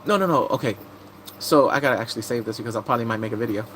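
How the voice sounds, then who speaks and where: A man's voice: medium pitch, racing, fairly bright tone, a little hiss or hum, poor audio. A man chatting casually on a live stream, muttering asides to himself as he reads entertainment and gaming news aloud.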